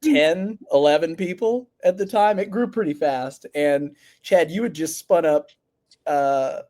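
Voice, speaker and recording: A man's voice: a little high, measured pace. A man hosting a podcast, telling a story casually and acting out quotes with laughter. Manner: animated, acts out quotes with laughs. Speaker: podcast host.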